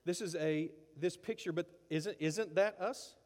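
A man preaching a sermon in an animated way, acting out quoted voices as he goes. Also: high-pitched, measured pace, big-room sound. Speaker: pastor.

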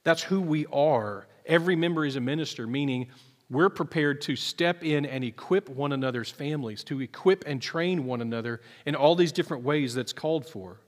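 A male pastor delivers an earnest sermon, often doubling words as he begins a thought. His voice sits a bit high for a man. The sound carries a long reverb from the church hall. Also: normal speed. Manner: earnest, repeats words when starting sentences. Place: church sanctuary.

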